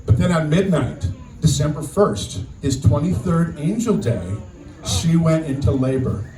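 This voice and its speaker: An older man giving a memorial speech as guest speaker, telling a personal story in a halting way, often repeating words. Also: a little high, animated, crowd noise. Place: outdoor memorial gathering. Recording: distant echoey sound with faint noise.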